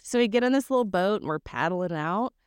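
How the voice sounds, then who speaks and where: A young adult woman, co-hosting a podcast and telling a story in a lively, casual way that acts out what people said. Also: mid-range voice, a little fast, clean tone, no room sound, studio quality. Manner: animated storyteller who acts out quotes and swears casually. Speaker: podcast co-host.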